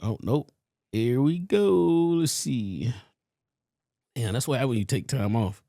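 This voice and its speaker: A man with a Baltimore accent hosting a casual podcast, giving loud, hyped-up shout-outs. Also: mid-range voice, lively intonation, takes it slowly, vocal fry, dry recording, studio quality. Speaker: podcast host.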